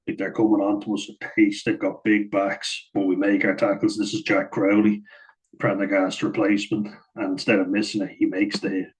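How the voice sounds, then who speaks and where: A man's voice: on the low side, level tone, normal speed, poor audio. A man giving a chatty, casual voice-over breakdown of rugby footage, often saying "like" and chuckling at his own asides. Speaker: rugby match analyst.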